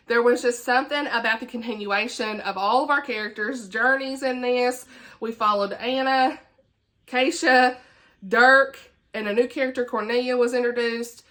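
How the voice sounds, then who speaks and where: A woman's voice: fairly high pitch, sharp tone. A woman with a Southern US accent chatting casually as a book vlogger, laughing often and dropping folksy asides. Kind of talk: casual chat.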